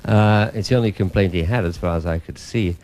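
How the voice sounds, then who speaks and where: A man hosting a panel discussion, asking lively, probing questions. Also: deep voice, brisk. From England. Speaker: host.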